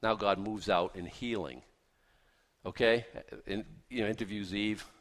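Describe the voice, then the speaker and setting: A man preaching a sermon in a folksy, punchy way, with rhetorical questions and lively acted-out voices. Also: fairly low pitch, unhurried. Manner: animated, acts out voices of biblical figures.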